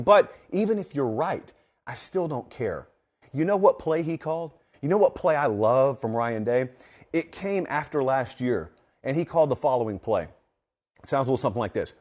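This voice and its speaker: A man's voice: mid-range voice, a little mellow. A man hosting a sports show, giving solo football commentary in an emphatic, conversational way, with rhetorical questions aimed straight at his audience.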